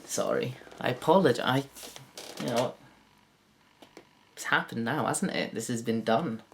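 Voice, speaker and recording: A man doing a rambling, crude, self-mocking stand-up monologue to camera, jumping into silly high put-on voices. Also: a little slow, creaky, a little hiss or hum. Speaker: comedian.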